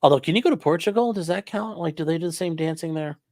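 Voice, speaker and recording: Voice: mid-range voice, fast, darkish tone, no echo, clean studio sound. A livestream host chatting casually and joking while reacting to a trial. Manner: joking, teasing.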